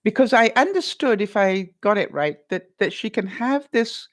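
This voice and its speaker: A woman's voice: medium pitch, animated, moderate pace. A woman vlogger chatting live with her viewers, giving advice and calling them honey and by their names, in a rambling way with asides. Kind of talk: live-stream advice chat.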